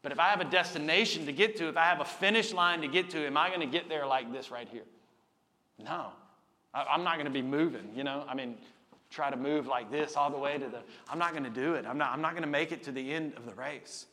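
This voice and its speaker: Male pastor, sermon delivery; raised, forceful tone with loud exhortations dropping to hushed asides, church hall echo. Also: a little high, fast. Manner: impassioned preaching that swings from loud exhortation to quiet, intimate asides. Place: church sanctuary. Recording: long reverb of a church hall.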